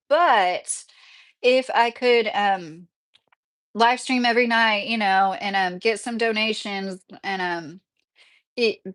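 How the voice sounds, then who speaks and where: A woman's voice: mid-range voice, a bit bright. A woman live streaming from home, chatting casually, reading out chat messages and laughing often. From Kentucky, USA.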